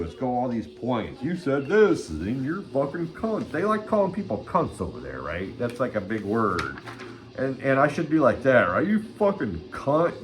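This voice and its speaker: Older male vlog host, crude rambling ranter, big swooping pitch, faint music underneath. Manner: crude, rambling, swears constantly. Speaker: channel host. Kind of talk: rambling profane vlog rant.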